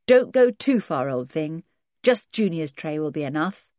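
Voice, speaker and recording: A woman's voice: deep voice, big pitch swings, measured pace, a little mellow, dry recording, clean studio sound. A woman reading an audiobook and voicing a sensible older schoolboy who speaks firmly. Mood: warning. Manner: firm, warning.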